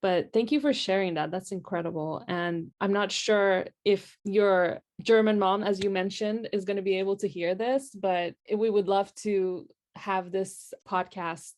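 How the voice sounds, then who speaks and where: A woman's voice: mid-range voice, fairly even intonation, measured pace, few pauses, a little mellow. A woman hosting a podcast interview, thanking her guest and responding appreciatively. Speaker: podcast host, student club president.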